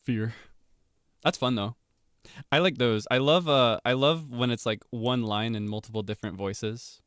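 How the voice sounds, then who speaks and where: A man streaming casually, talking in animated, rambling asides and laughing often. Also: medium pitch, moderate pace, clean tone, no echo, studio quality.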